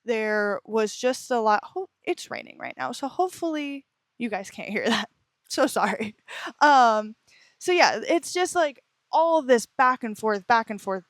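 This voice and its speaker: A woman's voice: a little high, animated, measured pace, no echo, clean studio sound. A young woman hosting a podcast, telling her own story in a candid, rambling way, swearing freely. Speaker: podcast host. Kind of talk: casual personal storytelling. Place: indoors while it rains outside.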